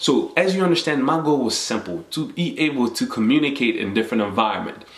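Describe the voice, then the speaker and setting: A man's voice: mid-range voice, animated, fast talker, roomy sound. A young man from the Congo, a native French speaker, giving an earnest, motivational talk and laying out numbered points. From Democratic Republic of the Congo. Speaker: vlogger. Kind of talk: reflective personal talk to camera.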